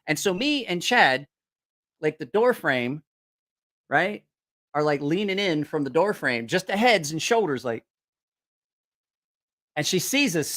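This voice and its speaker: A man hosting a knife-sales channel, telling a rambling, profane story in a casual, animated way. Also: fairly high pitch, measured pace, pauses often.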